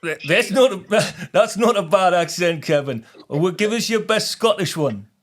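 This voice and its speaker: A man's voice: sits high, lively intonation, normal speed. A man hosting a podcast, playing a straight-faced fake recruiter in a teasing prank phone call. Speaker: podcast host. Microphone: podcast studio mic.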